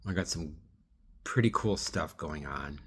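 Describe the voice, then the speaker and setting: A man's voice: very deep voice, measured pace, fairly bright tone, breathy edge. A man speaking straight to one absent person in a rambling, pleading video monologue. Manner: rambling, restarts and trails off. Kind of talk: direct-address video monologue.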